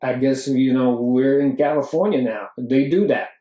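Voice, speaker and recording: A gruff, blustering Brooklyn tough guy with a put-on New York accent, acted by a woman. His voice sits extremely low and dark, mangling grammar as he grumbles. It rings in a roomy, echoey space. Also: normal speed. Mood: indignant. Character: brash Brooklyn tough-guy husband, middle-aged man. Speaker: podcast co-host in character. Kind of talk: improvised comedy sketch. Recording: roomy echo.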